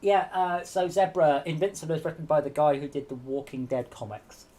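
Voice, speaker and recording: A man's voice: on the high side, fairly even intonation, brisk, dark tone, a little hiss or hum. A man hosting a casual game-night stream, telling rambling anecdotes full of restarts. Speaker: stream host. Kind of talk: casual chat.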